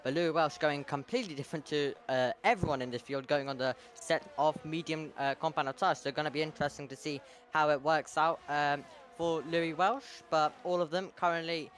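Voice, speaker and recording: A man giving race analysis as co-commentator on a sim racing broadcast, talking quickly and using lots of filler words. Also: on the high side, fairly even intonation, fairly bright tone. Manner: rapid, filler-heavy analysis.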